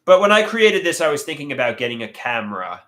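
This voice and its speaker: A man in his late thirties chats on a live stream, reading out viewer comments. His pitch swings lively up and down, and his voice has a bright edge. He stammers and restarts as he talks. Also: quick pace. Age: 30s. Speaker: livestream host. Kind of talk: casual live-stream chat.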